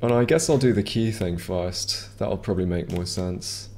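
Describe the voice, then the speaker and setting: Low-voiced man rambling over gameplay. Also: normal speed, darkish tone, a little hiss or hum. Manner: rambling, hesitant, many ums and restarts. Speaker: streamer. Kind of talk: casual gameplay commentary. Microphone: headset or desk mic.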